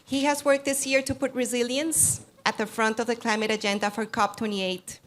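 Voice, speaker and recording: A woman's voice: fairly high pitch, little pitch movement, moderate pace. A woman moderating a live event, politely introducing the next speaker in a formal way.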